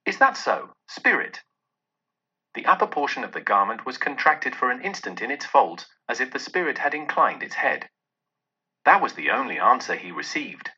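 A man narrating a classic tale in a theatrical, expressive way, his voice husky but bright and piercing. His pitch swings widely, and the recording sounds dull and lo-fi. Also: a little fast. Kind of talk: dramatic storybook narration.

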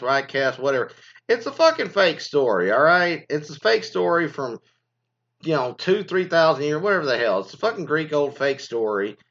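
A man riffs through a casual commentary, wandering off into exasperated, profanity-laced stories. His voice swings widely in pitch as he rants. The audio sounds a little dull and lo-fi. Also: fairly bright tone. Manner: profane, rambling, exasperated storytelling. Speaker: commentary host.

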